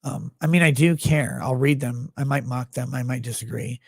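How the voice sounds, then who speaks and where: A man's voice: mid-range voice, moderate pace, gravelly, a little mellow, husky, no room sound, clean studio sound. A man hosting a livestream, signing off in a blunt, profane, rambling way. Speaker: host. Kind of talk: casual livestream sign-off.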